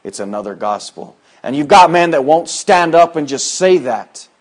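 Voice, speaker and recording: A man preaching a sermon, moving between loud, high-pitched emphatic lines and low, quiet asides. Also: lively intonation, normal speed. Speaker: pastor.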